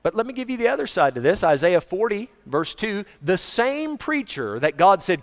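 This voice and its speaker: A middle-aged man preaching a sermon, swinging between booming shouts and soft asides and chuckling often. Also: big pitch swings, moderate pace, hardly any pauses. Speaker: pastor. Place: church hall. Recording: reverberant church hall.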